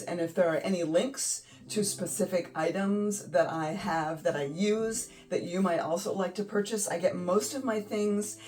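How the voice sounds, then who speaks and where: A woman in her fifties with a fairly low, slightly mellow voice hosts her art channel from her home studio, recorded on a phone with a distant mic and poor audio. In this casual vlog chat she is giggly and effusive, laughing often and close to tears.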